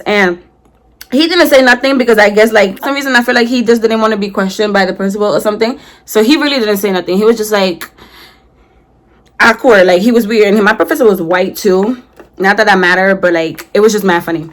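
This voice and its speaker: A young woman in her twenties telling a storytime while doing her makeup, slangy and animated, acting out heated quotes. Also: medium pitch, a little fast. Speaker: vlogger.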